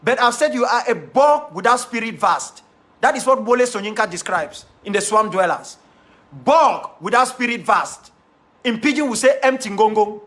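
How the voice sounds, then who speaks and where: Cameroonian-accented man, defiant monologue, very high pitch, emphatic repetition. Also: animated, normal speed, fairly bright tone. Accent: Cameroonian English. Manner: defiant, emphatic, repeats key phrases. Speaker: activist leader addressing followers. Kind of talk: impassioned monologue.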